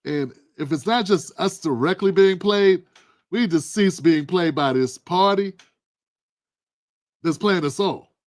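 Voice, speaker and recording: A man hosting his own political commentary livestream, talking in an animated, preachy, colloquial way. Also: high-pitched, measured pace, no room sound. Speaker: livestream host.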